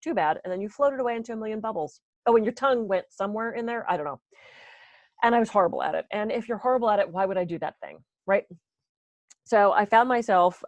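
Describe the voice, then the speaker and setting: A woman from the US East Coast giving a conference talk on stress, talking fast and poking fun at herself. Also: mid-range voice, dry recording. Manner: fast-talking, self-deprecating, acts out her inner voice. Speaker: wellness speaker. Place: conference room.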